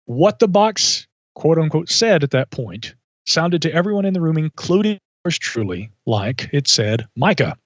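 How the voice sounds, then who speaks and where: A man as a podcast guest, telling a story in a thoughtful, measured way with asides and self-corrections. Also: on the high side, very animated, no room sound. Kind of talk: reflective storytelling in conversation. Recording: dull lo-fi audio.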